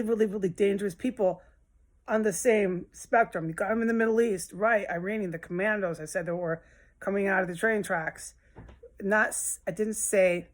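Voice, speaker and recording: A woman ranting in a rambling monologue, agitated and profane, often restarting her sentences. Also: lowish voice. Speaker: social media commentator.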